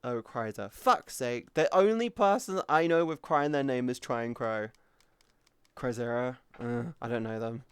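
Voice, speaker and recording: A man chatting casually on a live stream, swearing freely, reading viewers' messages aloud and softly comforting them. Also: a little high, lively intonation, a little slow, clean tone, no echo, clean studio sound. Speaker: VTuber streamer.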